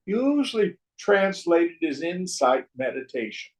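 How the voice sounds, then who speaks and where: A man giving a slow, measured spiritual talk on scripture, his voice trailing off softly at the ends of phrases. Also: sits high, sing-song, low-quality recording. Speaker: spiritual teacher.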